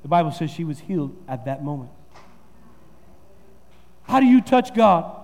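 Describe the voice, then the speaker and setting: A man's voice: fairly high pitch, big pitch swings, moderate pace, darkish tone, long reverb tail. A man preaching a sermon as pastor, repeating and building his points with rising emphasis.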